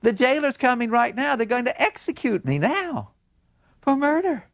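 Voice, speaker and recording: A man voicing a distraught, unhinged young woman who pleads in a high, broken voice. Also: sing-song, normal speed, gravelly, heavily acted. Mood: desperate pleading.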